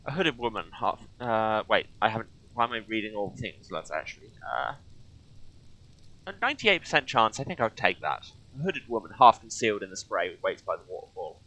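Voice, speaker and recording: A man streaming a video game who jokes, exclaims often, and reads the game's story text aloud in a slower, softer voice. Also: on the low side, big pitch swings, low-quality recording. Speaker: let's play streamer. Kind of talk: casual game commentary with text read aloud.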